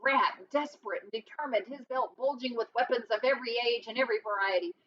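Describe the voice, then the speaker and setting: A woman's voice: fairly high pitch, quick pace. A woman reading a storybook aloud expressively, adding short asides of her own. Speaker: reader. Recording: dull lo-fi with faint hiss.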